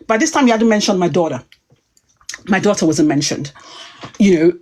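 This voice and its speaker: A woman's voice: lowish voice, expressive, moderate pace, a little mellow, husky. A woman giving a heated personal monologue on a live stream, emphatic and repetitive, restarting her sentences. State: upset.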